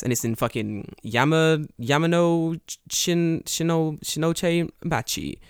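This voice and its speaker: A man's voice: on the high side, slow, hardly any pauses, clean tone, no room sound, studio quality. A man co-hosting a podcast, ranting casually and swearing a lot. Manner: profane, animated ranting. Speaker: podcast co-host.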